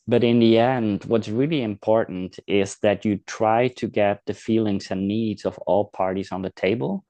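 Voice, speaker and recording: Podcast host, male, low and measured, reflective advice, dry sound. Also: no room sound. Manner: calm, reflective, acts out example dialogue. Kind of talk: casual advice talk.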